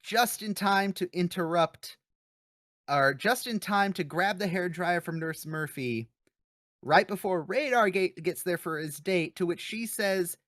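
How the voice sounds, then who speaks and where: A podcast host giving a lively, chatty episode recap, with frequent fillers and quick laughs. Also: medium pitch, no echo, clean studio sound.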